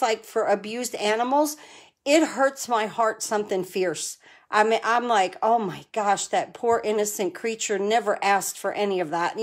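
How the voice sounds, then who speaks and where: A chatty middle-aged woman hosting a casual live stream from her home crafting corner. She laughs often and answers viewers by name. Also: on the high side.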